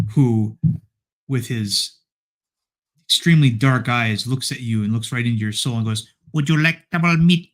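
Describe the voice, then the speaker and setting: A man's voice: medium pitch, a bit bright. A man chatting casually on a live-stream voice call, telling jokes and anecdotes. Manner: laughing, joking asides.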